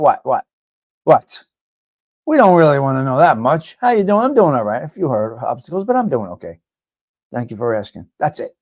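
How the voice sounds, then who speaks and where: A man's voice: on the high side, a little mellow, no echo. A man hosting a live stream, ranting bluntly and profanely to his viewers and repeating himself. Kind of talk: casual ranting chat with viewers.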